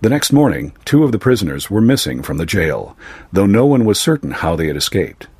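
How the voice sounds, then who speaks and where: A man reading a fantasy story aloud in a measured, even way. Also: sits low, breathy edge, no room sound. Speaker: narrator. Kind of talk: scripted story narration.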